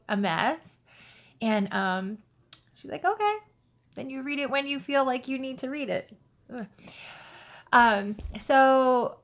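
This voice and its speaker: Chatty woman telling a story. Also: mid-range voice. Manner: chatty, animated, many fillers and acted-out dialogue. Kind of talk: casual storytelling to camera.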